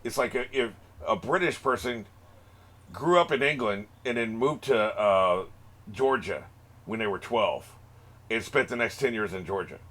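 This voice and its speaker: Lively low-voiced joking man. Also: unhurried. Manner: wisecracking, profane, laughs often. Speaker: anime reaction channel host. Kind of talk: casual reaction commentary.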